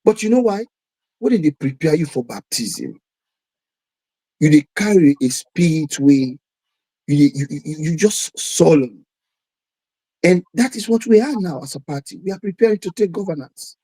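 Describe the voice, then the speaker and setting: Emphatic Sierra Leonean man, fairly high. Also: expressive, moderate pace, pauses often, dark tone, low-quality recording. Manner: emphatic and repetitive, mixing in Krio phrases. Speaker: guest. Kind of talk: political discussion.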